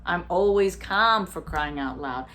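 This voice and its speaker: A young woman in her twenties talks into the camera in a casual spiritual monologue. She is blunt and emphatic, swears a lot and brings the people in her stories to life. Her voice sits fairly low, with a faint hum of noise behind it. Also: a little slow. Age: 20s. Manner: animated storyteller, acts out others. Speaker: vlogger.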